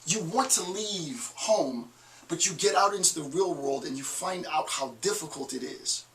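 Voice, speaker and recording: A man's voice: on the high side, normal speed, a bit bright, recorded from a distance, a little hiss or hum, poor audio. A middle-aged man giving a recorded online lecture, full of digressions and joking asides. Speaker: college lecturer.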